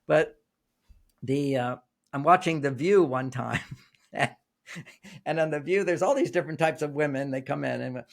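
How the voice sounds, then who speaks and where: A man's voice: on the high side, a little slow, vocal fry, long pauses. An older man, a relationship author, explaining his ideas in an interview with anecdotes, often repeating and restarting phrases.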